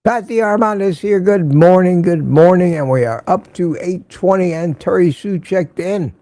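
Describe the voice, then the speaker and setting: A man's voice: high voice, moderate pace, dark tone. An older man hosting a casual morning live stream, chatting and greeting viewers by name with frequent laughs.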